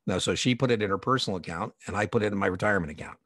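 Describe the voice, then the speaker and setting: A man's voice: lowish voice, very fast, a bit bright, dry recording, clean studio sound. A man teaching an exam prep lecture in a chatty, digressive way, full of personal anecdotes and asides. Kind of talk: conversational recorded lecture.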